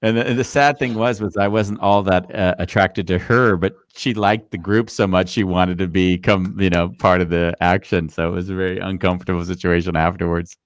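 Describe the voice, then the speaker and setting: A man's voice: low voice, fairly even intonation, fairly quick, few pauses, no echo, clean studio sound. A man hosting a live interview, chatting casually and rambling with many fillers. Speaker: podcast host.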